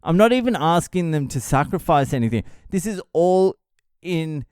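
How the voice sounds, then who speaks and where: A man's voice: fairly high pitch, expressive, moderate pace, a little mellow, clear, resonant tone, no echo, clean studio sound. An Australian man hosting a podcast, delivering a profane, exasperated solo rant. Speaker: podcast host.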